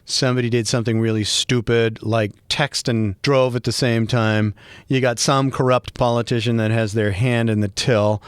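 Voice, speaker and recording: A man with a Boston accent hosting a podcast, talking alone in a rambling, animated way with joking asides. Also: mid-range voice, moderate pace, smooth, dry recording, studio quality. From Boston area, USA. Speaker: podcast host. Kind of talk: casual solo monologue.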